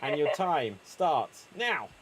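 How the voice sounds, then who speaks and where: A man's voice: fairly high pitch, big pitch swings, slow, fairly bright tone, a little hiss or hum. A man hosting an online improv show, calling time and handing out movie prompts with a playful, laughing manner. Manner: playful, laughs between cues.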